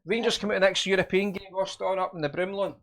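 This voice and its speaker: Quick Scottish man chipping in quips. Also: sits high, steady tone, a crowd in the background. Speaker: co-host. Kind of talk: casual live-stream banter.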